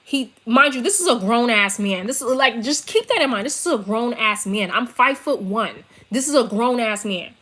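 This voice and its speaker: A woman's voice: a little high, expressive, moderate pace, hardly any pauses, fairly bright tone. Heated young woman with a New York accent. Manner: heated, profane, emphatic storytelling. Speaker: vlogger telling a story. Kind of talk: storytime rant to camera. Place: her bedroom, seated on bed. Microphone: laptop built-in mic.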